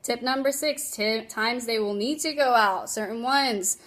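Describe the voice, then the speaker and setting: Woman, dog trainer, slightly high voice, chatty, emphatic, laughs often, casual livestream tips, phone mic. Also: a little slow, fairly bright tone.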